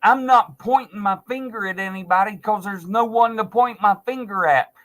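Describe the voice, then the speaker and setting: A man's voice: high-pitched, moderate pace, a bit bright. A man in his forties giving an angry, sarcastic monologue to camera, swearing heavily. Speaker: vlogger. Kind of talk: profane ranting monologue.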